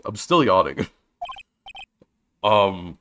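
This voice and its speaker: A man's voice: deep voice, sing-song, extremely slow, fairly bright tone, slight background noise. A young man streaming a game, chatting casually, drowsy and yawning between comments.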